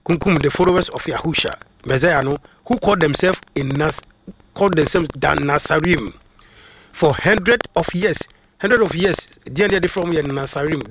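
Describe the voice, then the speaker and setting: A man with a somewhat raised voice preaches a sermon, slipping in English phrases and hammering his points home through repetition. A faint hiss sits under the recording. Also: a little high. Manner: emphatic, repeats phrases for stress. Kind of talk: radio-style sermon with greetings to listeners.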